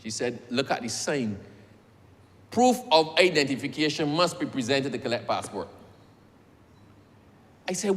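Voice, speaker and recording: Speaking at medium pitch and a moderate pace, this Barbadian MP pauses often as he recounts a story in a parliamentary speech. He addresses the chair as sir, and the big legislative chamber gives a long echo.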